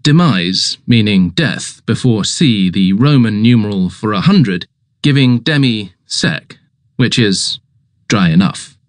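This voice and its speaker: A man voicing an unflappable male valet who speaks in a measured, deferential, deadpan way. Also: on the low side, no echo, clean studio sound.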